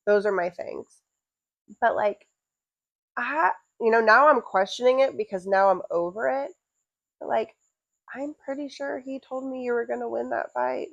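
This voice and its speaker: A young woman co-hosting a podcast, telling stories with animated energy and frequent swearing. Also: a little high, normal speed, vocal fry, long pauses, dry recording, dull audio. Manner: animated storytelling, often swearing and laughing. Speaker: podcast co-host, fighter's wife. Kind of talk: casual chat.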